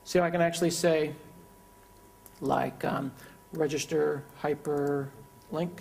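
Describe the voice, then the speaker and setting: A man delivering a conference keynote with a live software demo, talking in a loose, joking, conversational way. His voice sits a little on the higher side for a man. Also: steady tone, slow pace, vocal fry, a little hiss or hum. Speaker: keynote speaker.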